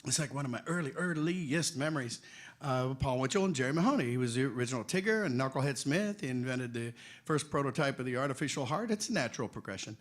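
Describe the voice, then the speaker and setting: A man in his sixties, a voice actor telling stories on a convention panel, animated and joking with a ready laugh. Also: mid-range voice, fast talker. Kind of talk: anecdotal panel storytelling.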